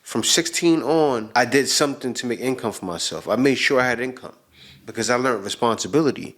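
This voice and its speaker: A man's voice: medium pitch, fairly quick, a bit bright. Host reacting to clips: man, emphatic, repeats his points. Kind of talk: casual commentary.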